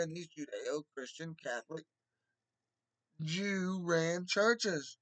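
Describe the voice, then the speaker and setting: A young man delivering a heated, rambling monologue, agitated and at times bursting into shouts. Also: high-pitched, slow, dry recording, rough recording.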